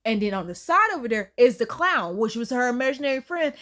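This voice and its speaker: A high-voiced woman recaps a film in a loose, chatty way. She talks with animated slang and frequent laughs. Her voice sits noticeably high for a woman. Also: quick pace, few pauses. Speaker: YouTube film reviewer. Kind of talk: casual movie recap.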